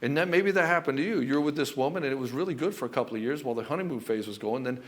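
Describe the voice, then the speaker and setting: A man coaching married men in a direct advice monologue. He is blunt and profane, repeats his points, and swings between loud punchy bursts and low, calm stretches. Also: very fast.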